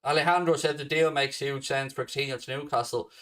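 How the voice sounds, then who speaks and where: A man's voice: on the high side, lively intonation, fairly quick, few pauses, fairly bright tone, recorded from a distance. A man hosting a fan channel, answering viewer questions in a blunt, sweary, casual chat.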